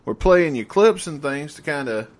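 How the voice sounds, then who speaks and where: A man's voice: a little high, lively intonation, normal speed. A man co-hosting a casual podcast, rambling and tripping over his words, laughing often. He is from the southern United States. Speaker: podcast co-host.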